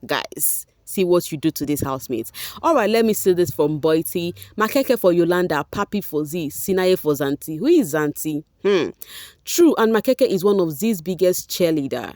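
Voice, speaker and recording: In studio-quality audio without echo, a woman with a Nigerian accent and a low-leaning voice talks at a moderate pace. Hosting her gossip vlog, she chats animatedly to viewers she calls "guys" while commenting on fan posts.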